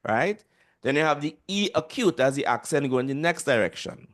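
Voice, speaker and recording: A man's voice: on the high side, expressive, brisk. Trinidadian man teaching over a video call. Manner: patient, repeats sounds for students to echo. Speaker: language teacher. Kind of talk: online class instruction.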